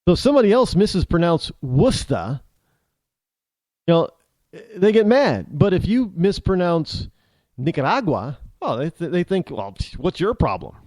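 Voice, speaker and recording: An American man holds forth on his radio talk show, his pitch swinging up and down as he rambles and doubles back on himself. His tone is warm and dark, and the recording sounds close and dry. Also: sing-song, normal speed, dry recording. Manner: rambling, with many restarts and asides. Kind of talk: opinionated talk radio monologue. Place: New England.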